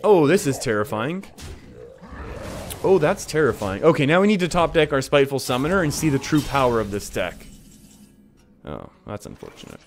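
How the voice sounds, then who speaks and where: A man's voice: a little high, lively intonation, brisk, soft background music. A young Canadian man with an English Canadian accent, casually commentating a card game and reading viewer comments, laughing often. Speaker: streamer.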